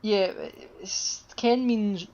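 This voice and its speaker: A woman's voice: medium pitch, drawn-out words, a little mellow. A woman co-hosting a casual podcast, rambling with lots of fillers and casual swearing. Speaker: podcast co-host. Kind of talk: casual chat. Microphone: home podcast mic with a buzz. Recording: dull lo-fi home mic.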